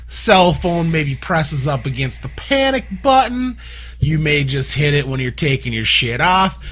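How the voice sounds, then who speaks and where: A man in his thirties, talking casually and crudely on a podcast, with jokes thrown in. His voice is bright and a little husky, and his pitch swings widely as he talks. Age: 30s. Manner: crude, joking, bursts into animated put-on voices. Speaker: podcast co-host. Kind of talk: casual chat.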